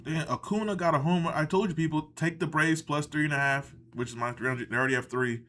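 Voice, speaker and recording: Talking straight into a desk mic, a man hosts a casual live stream, jumping between topics in a sardonic tone and chuckling at his own jokes. He talks fast, and his fairly bright voice sits a bit high for a man.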